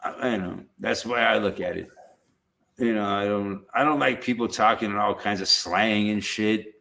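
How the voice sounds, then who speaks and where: A man's voice: lowish voice, steady tone, moderate pace, vocal fry, pushed and bright, a little hiss or hum. An easygoing man from Southern California talks off the cuff on his YouTube channel. He speaks bluntly, swears without a second thought and laughs easily. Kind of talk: casual chat.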